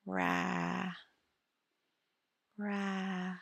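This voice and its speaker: A woman's voice: lowish voice, takes it slowly, creaky, pauses often, dry recording, clean studio sound. A woman hosting an astrology live stream, chatting casually and muttering half-whispered asides to herself while she fixes her screen sharing. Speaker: astrology show host.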